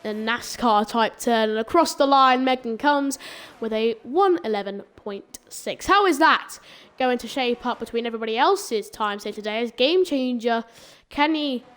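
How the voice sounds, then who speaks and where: Calling a sim racing qualifying session live, this woman speaks at a moderate pace in an expressive, smooth voice that is on the high side and a bit bright. The esports commentary wanders chattily, with frequent stumbles and self-corrections.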